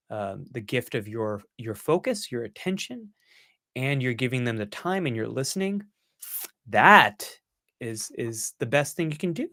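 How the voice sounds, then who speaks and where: Man, bright forceful tone, dry close sound, live-stream Q&A host, earnest and encouraging. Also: mid-range voice, no echo. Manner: earnest, encouraging, with self-mocking asides. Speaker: psychologist hosting a live-stream Q&A. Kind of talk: live-stream Q&A, answering viewer questions.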